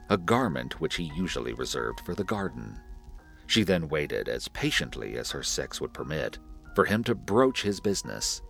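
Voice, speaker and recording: A man narrating a classic horror story in a deliberate, measured reading. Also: rumbling low, creaky. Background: faint music.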